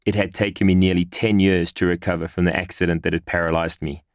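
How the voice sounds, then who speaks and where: A man reading a first-person memoir in a measured, earnest storytelling manner. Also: low voice, little pitch movement, smooth, no echo. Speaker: narrator.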